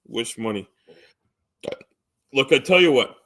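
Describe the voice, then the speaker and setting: A man's voice: mid-range voice, lively intonation, takes it slowly, a bit bright, no echo, studio quality. A man rambling casually to his live stream chat, full of ums, restarts and offhand swearing.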